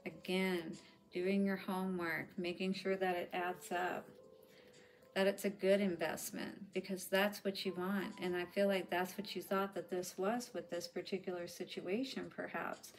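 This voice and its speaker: A woman's voice: lowish voice, flat delivery, unhurried, a little hiss or hum. A woman giving a spiritual tarot reading in a chatty, reassuring way, with lots of "you know" fillers. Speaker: tarot reader.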